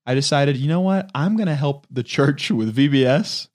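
A man's voice: mid-range voice, moderate pace. A man co-hosting a casual chat, telling a story and laughing often. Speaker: podcast co-host.

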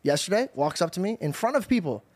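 A man hosting a podcast, hyper and rambling as he tells stories, jumping up in pitch when he quotes people. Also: very animated, fast talker, a little mellow. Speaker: podcast host. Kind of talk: casual chat.

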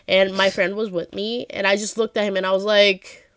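Smooth-voiced woman co-hosting a podcast. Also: medium pitch, steady tone, fast talker, dry recording, studio quality. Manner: swearing, storytelling with lots of "like". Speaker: podcast co-host. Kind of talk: casual chat.

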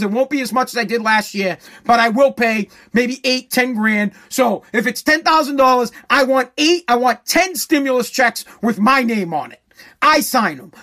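A man's voice: extremely high pitch, sharp tone. A man ranting in a profane, sarcastic, indignant way. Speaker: ranter. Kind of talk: profane comedic rant.

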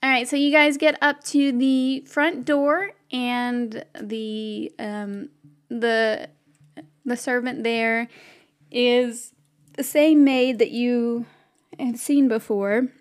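A woman narrating a tabletop game as game master, unhurried and with many fillers. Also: a little high, steady tone.

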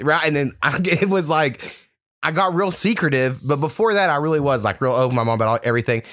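A man's voice: mid-range voice, fairly bright tone, dry recording, studio quality. Profane, rambling male podcast host. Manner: loose, profane storytelling with many fillers. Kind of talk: casual podcast chat.

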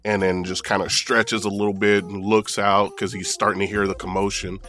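A man narrating a tabletop game as game master, describing scenes in a relaxed way with filler words. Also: fairly low pitch, moderate pace, faint music behind.

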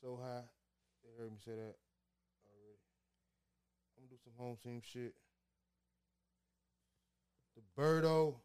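A man's voice: medium pitch, a little slow, long pauses, clear, resonant tone, no echo. Slangy man hosting casual talk. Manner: slangy, animated, repeats himself. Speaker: host. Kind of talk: casual chat.

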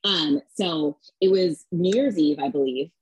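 A woman's voice: low-pitched, measured pace, husky, no echo, poor audio. A woman in her thirties, a interview guest, telling a story in a chatty way full of fillers and acted-out quotes. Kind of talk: casual storytelling.

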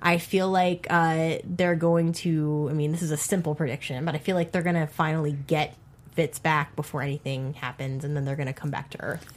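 Young woman, co-host, lowish voice, rambling, lots of ums, casual. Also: little pitch movement, brisk. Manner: rambling, hesitant with many fillers. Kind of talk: casual chat about TV.

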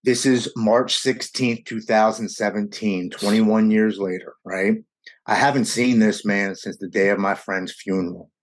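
A man in his forties recounting his own story as a guest, his voice sitting on the lower side. He speaks earnestly and with feeling, often stumbling and restarting mid-sentence. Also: steady tone, measured pace. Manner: earnest and emotional, with frequent stammered restarts. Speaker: guest sharing a recovery story. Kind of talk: personal storytelling in conversation.

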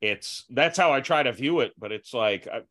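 A man's voice: medium pitch, expressive, moderate pace, a bit bright. Self-mocking male podcast host. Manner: restless, many restarts and self-mocking asides. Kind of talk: casual chat.

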